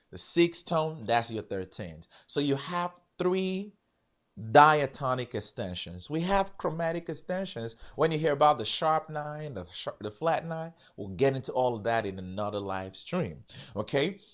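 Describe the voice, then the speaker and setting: A man teaching a live-streamed piano lesson, repeating points and quizzing his viewers. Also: fairly high pitch.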